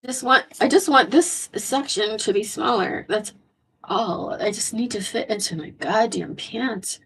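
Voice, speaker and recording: A hoarse woman who is losing her voice, chatting in a scattered, rambling way on a live stream and swearing freely. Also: a little high, a little slow.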